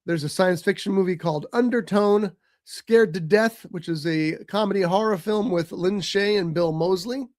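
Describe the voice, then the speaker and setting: Guy with a pretty high voice chatting about movies, teasing his cohost. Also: normal speed, a little mellow. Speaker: co-host. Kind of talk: casual movie chat. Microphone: streaming mic.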